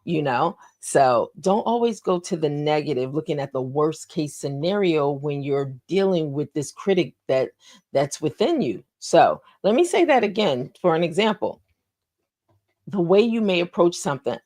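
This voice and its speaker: A woman's voice: low voice, big pitch swings, unhurried, warm tone. Encouraging woman hosting a motivational talk. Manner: encouraging, repeats key phrases, asks listeners questions. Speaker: host.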